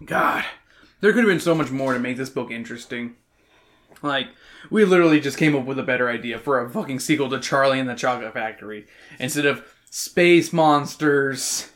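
A man co-hosting a book podcast, talking casually with lots of swearing and animated reactions. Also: mid-range voice, brisk. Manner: animated and profane, reads aloud dramatically. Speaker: podcast co-host. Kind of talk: casual chat.

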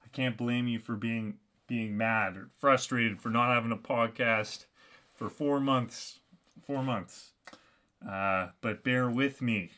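A man hosting his own podcast, telling a comedic story in a deadpan, halting way with lots of restarts. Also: medium pitch. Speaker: podcast host.

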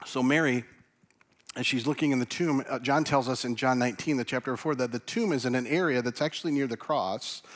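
Animated man preaching a sermon. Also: mid-range voice. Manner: animated preaching, swings from loud to hushed. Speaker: pastor. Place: church.

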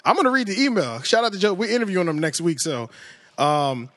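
A podcast host from the scene talks in an emphatic, casual way, his voice sitting a little high for a man. He is a man, recorded dry and close. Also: sing-song, fast, a bit bright, no echo. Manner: emphatic, repeats "you know what I'm saying".

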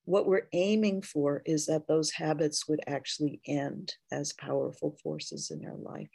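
A woman Zen teacher giving a dharma talk, speaking in a slow, reflective way with frequent pauses. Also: low-pitched, animated, gravelly, dark tone, no echo.

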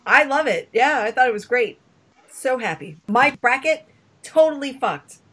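A woman's voice: sits high, lively intonation, moderate pace, sharp tone, slightly rough. A woman co-hosting a casual sports podcast, chatty and self-deprecating, fussy about how names are pronounced. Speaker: podcast co-host.

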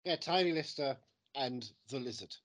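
A man's voice: medium pitch, expressive, moderate pace. A British man teasing his co-host through a casual movie quiz, tossing out actor names. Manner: playful, teasing, rattles off names.

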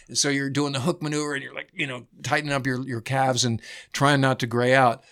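A man in his fifties, an editor and former naval aviator, telling flying stories in a relaxed, anecdotal way with casual swearing and plenty of fillers. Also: medium pitch, fairly quick. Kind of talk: casual storytelling chat.

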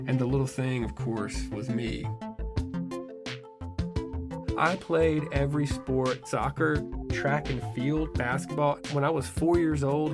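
A man telling a personal story in a wry, self-deprecating, conversational way, full of casual fillers. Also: medium pitch. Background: music score.

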